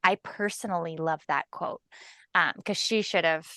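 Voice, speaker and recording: A woman's voice: on the low side, a little slow, sharp tone, dry recording. A woman hosting a podcast, chatting casually, laughing often and leaning on fillers. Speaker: podcast host. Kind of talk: casual chat.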